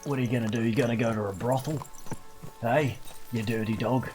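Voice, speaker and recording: Over music, a young man from Australia chats casually while streaming a video game, swearing freely, cracking jokes, and fussing lovingly over a dog in the game. He talks fairly quickly in a mid-range voice with fairly even intonation.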